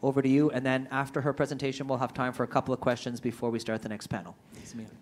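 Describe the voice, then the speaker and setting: A man's voice: medium pitch, little pitch movement, rapid-fire, slight background noise. A man moderating a business forum, introducing speakers in a joking, chatty way. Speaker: event moderator. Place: conference room before an audience.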